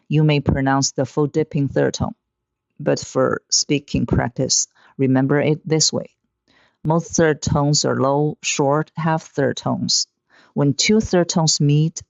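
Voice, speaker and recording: A man teaching Mandarin pronunciation in a slow, deliberate, instructive scripted lesson. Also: fairly high pitch, gravelly, dry recording. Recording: dull, slightly lo-fi, dry sound.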